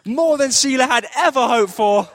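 A man's voice: very high voice, moderate pace, fairly bright tone, dry recording. A man telling a children's story in church, playful with jokey asides. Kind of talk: lively read-aloud storytelling.

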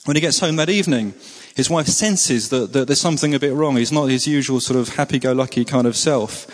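A man preaching a sermon and praying, earnest, repeating words for emphasis and often pausing with fillers. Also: medium pitch, big-room sound. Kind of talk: sermon with prayer.

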